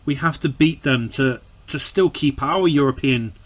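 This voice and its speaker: A man giving emotional casual commentary on his football management game, sighing, groaning and breaking into shouts, often repeating words. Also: mid-range voice, normal speed. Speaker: gaming commentator. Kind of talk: casual let's-play commentary.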